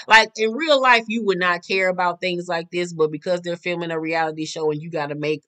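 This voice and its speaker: A woman hosting a reality TV recap, talking in a sassy, animated way and using lots of slang. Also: lowish voice, brisk, few pauses, clear, resonant tone. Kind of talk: casual recap commentary.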